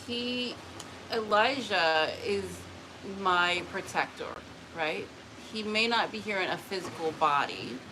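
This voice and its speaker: A woman talking casually and emotionally to camera, often pausing to address an unseen spirit, with quick restarts and repeated words. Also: mid-range voice, animated. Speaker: spiritual vlogger. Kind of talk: casual personal talk to camera. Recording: noticeable background noise.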